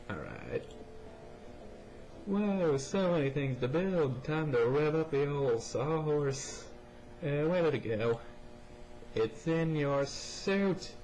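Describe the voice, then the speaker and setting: A man's voice: darkish tone, a little hiss or hum. Goofy young man playing a game. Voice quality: goofy, pitch jumping around. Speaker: gamer. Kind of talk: let's play commentary.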